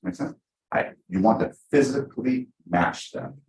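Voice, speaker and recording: A mid-pitched man runs a live training class for real estate agents before a small audience in a meeting room. He hurries through his points with energy, acting out client stories, his pitch swinging widely as his voice echoes around the room.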